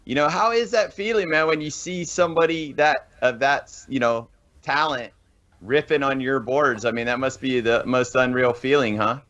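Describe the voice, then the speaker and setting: A man's voice: medium pitch, fairly even intonation, normal speed, fairly bright tone. A man hosting a podcast, eager and laid-back, calling everyone man and dude. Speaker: podcast host. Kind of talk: casual interview chat. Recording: dull, lo-fi podcast audio.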